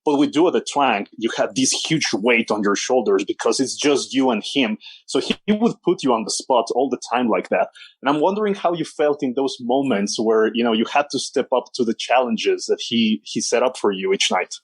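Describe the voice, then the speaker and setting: Male co-host, mid-pitched, asks long careful questions, dry close sound. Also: moderate pace, breathy edge, dry recording. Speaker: podcast co-host. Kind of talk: interview questions.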